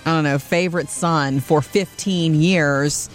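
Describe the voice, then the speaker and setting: A woman's voice: low voice, fairly even intonation, measured pace. A middle-aged woman co-hosts a morning radio show with a chatty, digressive way of talking. She laughs easily and wanders through her stories. Faint music plays under her voice. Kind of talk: casual show banter.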